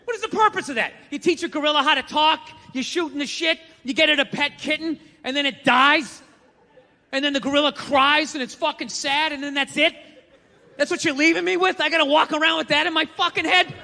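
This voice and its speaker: High, bright ranting comedian. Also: male voice, a little fast, creaky. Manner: ranting, profane, exasperated. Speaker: stand-up comedian. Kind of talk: stand-up comedy routine. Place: comedy venue stage. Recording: stage mic with long hall reverb, faint room noise.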